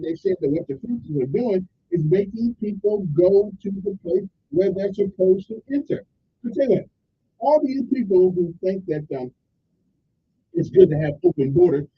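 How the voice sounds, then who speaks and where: A man's voice: extremely high pitch, dull audio, a little hiss or hum. A man hosting a radio talk show, rambling and opinionated in a folksy way, with many restarts. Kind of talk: casual call-in radio commentary.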